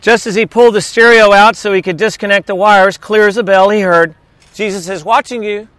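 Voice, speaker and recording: A man's voice: high voice, steady tone, fairly quick, fairly bright tone, smooth, dry recording. A man preaching a sermon in a conversational, storytelling way, mixing humor into scripture reading. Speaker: pastor.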